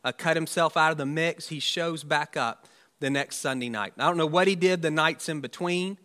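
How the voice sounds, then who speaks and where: A male pastor delivers a sermon in a crisp, bright voice that sits a little high. He talks it through like a conversation, musing aloud and tossing in rhetorical asides. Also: normal speed. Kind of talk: Easter sermon.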